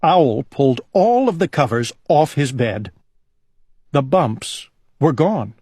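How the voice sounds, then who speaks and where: Man, storybook narration, calm, gentle, very slow, dry close sound. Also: mid-range voice, husky, no echo. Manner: calm, gentle, unhurried reading. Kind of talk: storybook reading.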